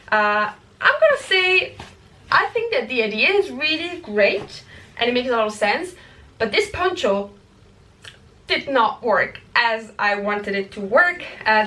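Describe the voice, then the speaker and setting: Young woman hiking vlogger, chatty and loose with fillers, slightly high voice, recorded from a few feet away outdoors. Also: fairly bright tone. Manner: chatty, many fillers and restarts. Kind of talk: casual gear walkthrough. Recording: voice a little far from the mic.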